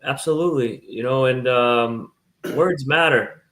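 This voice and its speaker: A man interviewing a fitness coach, speaking in a halting way with many fillers and restarts. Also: medium pitch, fairly bright tone. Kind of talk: casual interview conversation.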